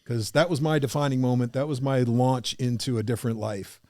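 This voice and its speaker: A man guesting on a podcast, telling his own story with animated energy and acting out the people in it. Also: mid-range voice, a little fast, no echo, studio quality. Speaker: podcast guest, business coach.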